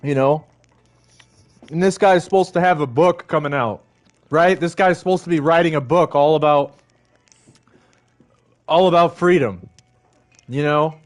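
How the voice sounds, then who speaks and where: A man's voice: fairly high pitch, a little slow, pauses often. A man ranting angrily on his livestream, heated and profane, circling back to the same points. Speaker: livestream host. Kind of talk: angry ranting monologue.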